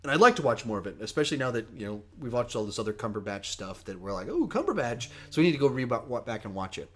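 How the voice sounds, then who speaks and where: A man's voice: on the low side, rapid-fire. Rambling, self-mocking young man hosting. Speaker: host. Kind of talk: casual livestream Q&A.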